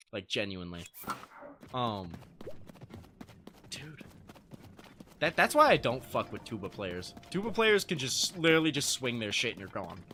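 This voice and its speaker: A man's voice: medium pitch, pushed and bright, slight background noise. A young adult man streaming live, telling casual stories to his chat, swearing freely and laughing often.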